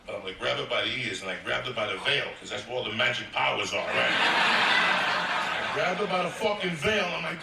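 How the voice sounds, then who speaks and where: A man telling a profane comic story on stage in a brash, loud way, laughing as he goes. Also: mid-range voice, very animated, normal speed, gravelly, over music. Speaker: stand-up comedian. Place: comedy stage before an audience. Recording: echoey live room, mic at a distance, audience laughter.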